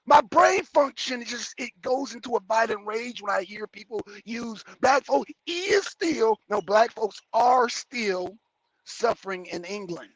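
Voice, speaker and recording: Man, high pitched and husky, heated profane livestream ranter reading comments. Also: unhurried, no echo. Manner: heated, profane, repeats and mocks viewer comments. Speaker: YouTube commentator.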